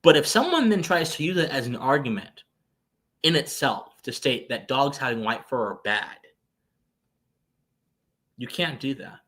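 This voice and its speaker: A man's voice: medium pitch, lively intonation, unhurried, long pauses, sharp tone. A man co-hosting a podcast, giving lecturing philosophical commentary with searching restarts and sudden emphatic jumps. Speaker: podcast co-host.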